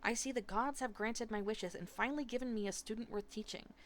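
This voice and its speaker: A woman's voice: a little high, brisk, slight background noise, natural voice. A woman doing a grand, dramatic schoolteacher. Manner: grand, declaiming. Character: dramatic middle-aged female English teacher.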